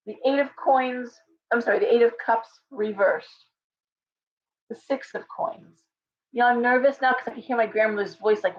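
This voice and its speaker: A woman hosting a casual livestream tarot reading, talking in a chatty, rambling way with restarts and asides. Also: a little high. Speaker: tarot reader, livestream host. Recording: dull lo-fi stream audio.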